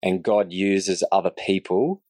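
A man earnestly telling his faith story in a casual interview, reflective and quick to laugh. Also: low voice, darkish tone, no room sound. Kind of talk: casual testimony in conversation.

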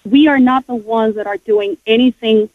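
As a guest on a radio show, a woman earnestly shares her personal faith story from the heart, an emotional testimony in which she often stops and restarts her sentences. Her fairly high voice moves at normal speed. The audio is thin and tinny like a phone line, entirely dry with no room sound.

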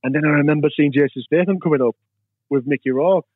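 With a slightly high voice and a quick pace, an English interview guest rambles through anecdotes in casual storytelling, acting out his characters' voices. The recording is dry and has a tinny, phone-like quality.

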